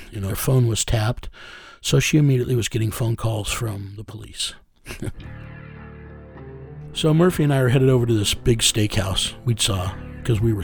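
A man's voice: on the low side, gravelly, a little mellow. A man telling a story in an interview, bluntly and with a lot of swearing, often quoting what he said. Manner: blunt, profane, quotes himself often. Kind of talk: casual storytelling.

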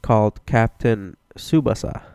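A man from Egypt co-hosting a casual podcast while sick, talking deadpan and swearing casually. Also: on the low side, measured pace, smooth, no echo. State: sick, coughing. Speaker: podcast co-host. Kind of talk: casual chat.

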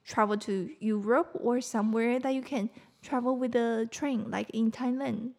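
A woman co-hosting a podcast, chatting in English. She talks loosely and freely, tosses in the odd curse word and laughs readily. Her voice sits a little high. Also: fairly even intonation, normal speed, gravelly, darkish tone. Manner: chatty, swears casually, laughs often. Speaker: podcast co-host. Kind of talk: casual chat in a second language.

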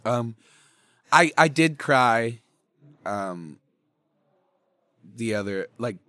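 A young man guests on a casual, joking interview, sounding laid-back and laughing easily while he swears a lot and answers with a polite "yes, ma'am." His medium-pitched voice has lively intonation and a pushed, bright quality, captured at studio quality with no room sound.

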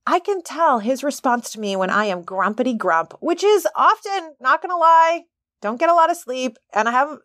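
Middle-aged woman host, higher-pitched, chatty and laughing, dry close-mic sound. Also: no echo. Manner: chatty, laughing, animated asides. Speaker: podcast host and coach. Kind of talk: casual monologue.

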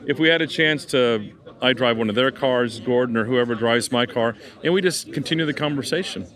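A man's voice: mid-range voice, brisk, fairly bright tone. A man, a car company founder, chatting in a friendly, upbeat way outdoors at a car show. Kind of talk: casual chat.

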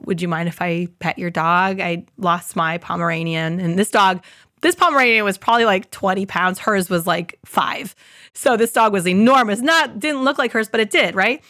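Woman podcast host, earnest storyteller, mid pitch, close dry recording. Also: a bit bright, no echo. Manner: earnest storyteller, acts out quoted voices. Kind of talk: casual spiritual podcast talk.

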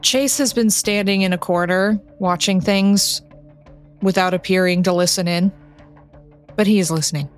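A woman narrating a tabletop role-playing game as game master, relaxed and conversational, laughing easily. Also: medium pitch, normal speed, faint music behind.

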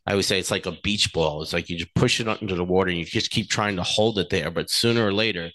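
Middle-aged male co-host, deep low voice, earnest and frank, storytelling. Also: fast talker, bright, forceful tone. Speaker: podcast co-host. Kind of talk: casual relationship talk.

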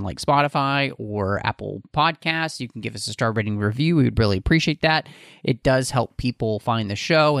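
A man's voice: mid-range voice, dry recording, clean studio sound. Chatty male podcast host. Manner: chatty, friendly plugs with many fillers. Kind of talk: casual podcast hosting.

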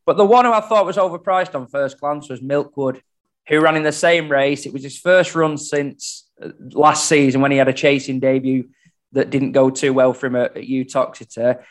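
A man's voice: medium pitch, fairly even intonation, normal speed. A man giving casual, analytical horse racing tips on a podcast. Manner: chatty, fluent, analytical. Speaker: racing tipster.

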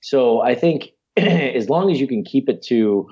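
A man co-hosting a casual sports podcast, arguing his points in an animated way with the odd curse word. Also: medium pitch, measured pace, husky, highs cut off. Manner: animated, argumentative, mild cursing. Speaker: podcast co-host.

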